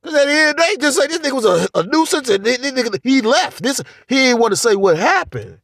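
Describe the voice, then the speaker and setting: A man with a high, animated voice rants casually to his viewers about faith and trust. His talk is profane and rambling, full of restarts. The sound is dry and close. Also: fast, no echo. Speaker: vlogger. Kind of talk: casual spiritual monologue.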